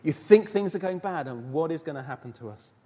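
A man preaching a sermon, telling a story and asking animated rhetorical questions with a touch of self-deprecating humour. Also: on the high side, fairly quick. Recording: dull sound with long hall reverb.

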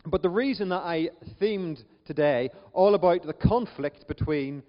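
Northern Irish preacher in a reverberant church. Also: male voice, a little high, unhurried. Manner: chatty, self-deprecating, frequent ums. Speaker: visiting preacher. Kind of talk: sermon. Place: church hall. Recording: dull church recording with long reverb.

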